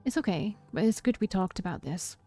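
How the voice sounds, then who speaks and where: A woman voicing a gentle young heroine, speaking softly and reassuringly with a slightly raised voice. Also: medium pitch, lively intonation, brisk, lightly acted.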